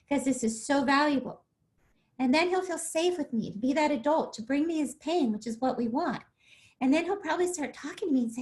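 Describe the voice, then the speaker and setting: A woman with a high voice walks her listeners through a parenting method step by step. She keeps checking in with "okay?" and "right?", and briefly takes on the voices of parent and child. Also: expressive. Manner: acts out parent and child with quick shifts in voice. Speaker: parenting coach. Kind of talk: explanatory talk on parenting.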